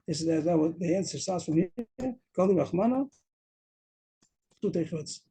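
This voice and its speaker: Over a video call, a man teaches a daf yomi Talmud lesson, explaining step by step, repeating words and mixing in Aramaic terms. His voice is a little high, mellow and slightly rough, and the audio is poor.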